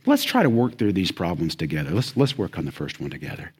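A man voicing a kind, patient female math teacher in a soft, encouraging tone, while preaching. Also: sits low, lively intonation, racing, husky, big-room sound, voice pushed down. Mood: gentle.

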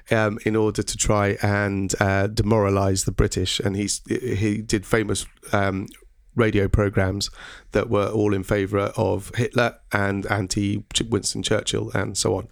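Low-voiced man hosting a podcast. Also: flat delivery, measured pace, creaky, dry recording, studio quality. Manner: hesitant, lots of ums, quizzes his co-host. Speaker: podcast host. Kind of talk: casual educational podcast chat.

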